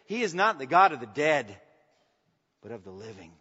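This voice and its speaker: A man preaching a sermon as pastor, swinging from emphatic declarations to soft, intimate asides and asking the congregation for response. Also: on the high side, big pitch swings, normal speed, husky. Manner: preaching with rising emphasis, then dropping to soft, intimate lines. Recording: long reverb, dull lo-fi sound.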